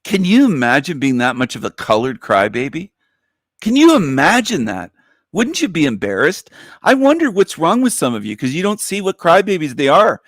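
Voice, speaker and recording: A combative man hosts a livestream, ranting with open mockery and plenty of profanity. His voice sits a bit high for a man, and he breaks into sarcastic, whiny impressions. The recording is close and dry, with no room sound. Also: very animated, normal speed, a bit bright, no echo. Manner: sarcastic, with falsetto whining impressions. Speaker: livestream show host.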